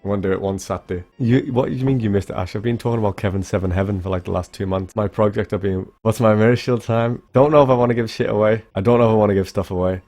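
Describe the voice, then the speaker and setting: A man's voice: lowish voice, very fast, few pauses, a little mellow, soft background music. A young man, a speedrunner, rambling casually to his livestream chat, swearing freely and answering viewers. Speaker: speedrunner streamer.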